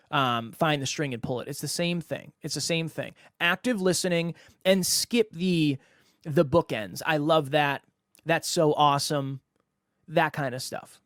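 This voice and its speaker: A man's voice: a little high, no echo, clean studio sound. A man hosting a solo podcast, coaching listeners in an emphatic way that repeats key phrases and acts out example lines. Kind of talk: solo instructional podcast talk.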